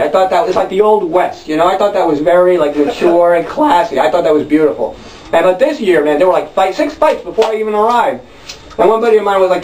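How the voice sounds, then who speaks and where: A man with a high, light voice tells a long, wry story on a club stage. He rambles and bursts into shouted chants. The echoey room is picked up from a distance. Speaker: spoken word performer. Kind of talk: live storytelling monologue.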